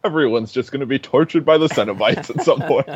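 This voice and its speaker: A man chatting casually in a relaxed way, with lots of fillers. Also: mid-range voice, quick pace, slightly rough, dry recording, muffled recording. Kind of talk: casual chat.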